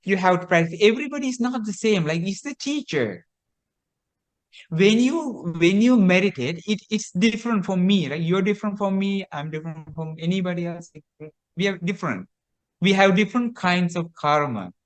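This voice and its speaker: A man, a Buddhist monk, telling a teaching story in a sermon, slow and repetitive with hesitant restarts. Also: high-pitched, expressive.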